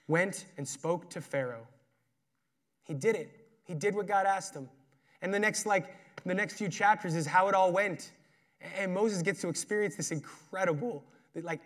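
Earnest conversational male preacher. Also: a little high. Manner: conversational, earnest, shifting between emphatic and quiet. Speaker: pastor. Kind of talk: sermon.

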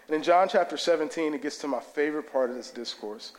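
A man's voice: a little high, fast, few pauses. A man preaching a sermon in a church, casual, conversational and enthusiastic. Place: church sanctuary. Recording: long hall reverb.

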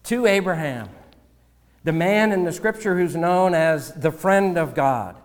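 A man preaching a sermon as pastor, slow and measured, sometimes repeating words. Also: on the high side, animated. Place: church sanctuary. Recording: long church reverb.

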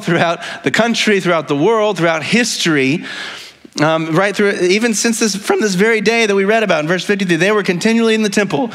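High-pitched guy preaching, talks like a conversation, keeps saying "right?". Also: fairly bright tone. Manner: conversational, frequently asks "right?"; earnest, with repeated restarts. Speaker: pastor. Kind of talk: sermon.

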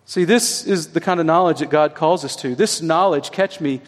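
A man preaching a sermon in a conversational way, often checking in with his listeners through quick tag questions. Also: a little high. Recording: long reverb of a large hall.

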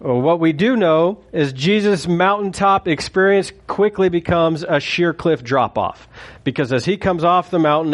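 A man preaching a sermon in a conversational, joking way, acting out quotes as he goes. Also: mid-range voice. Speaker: pastor.

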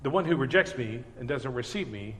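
A man preaching a sermon as pastor, earnest and animated, acting out everyday voices. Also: medium pitch, fairly quick. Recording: reverberant hall.

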